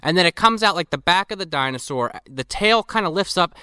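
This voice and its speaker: Bright, crisp man recapping scenes. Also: high voice, expressive, fairly quick, dry recording, studio quality. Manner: profane, descriptive storytelling. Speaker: podcast co-host. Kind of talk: casual movie-recap banter.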